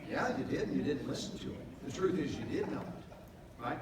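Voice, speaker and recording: Animated older man speaking in an echoing hall. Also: a little high, moderate pace. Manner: animated, playful, jokey with bursts of emphasis. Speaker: motivational speaker. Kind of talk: live motivational talk with comic storytelling. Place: large event hall before a live audience. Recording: echoey hall, from far off, with noise.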